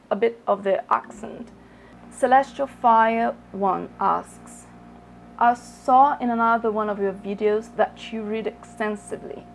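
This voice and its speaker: A Brazilian woman who learned her English in London, speaking with crisp, careful, slightly posh pronunciation while answering viewer questions in a casual vlog, a little unwell. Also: medium pitch, a little hiss or hum, poor audio. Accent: British English learned in London, Brazilian speaker. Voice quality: precise, careful enunciation that sounds a bit posh. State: unwell, under the weather.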